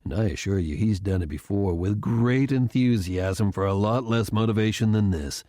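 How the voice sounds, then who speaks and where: A man voicing a furious retired general who speaks in a low, cold, threatening way. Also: normal speed, dark tone, dry recording, clean studio sound, close to an everyday voice. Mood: menacing.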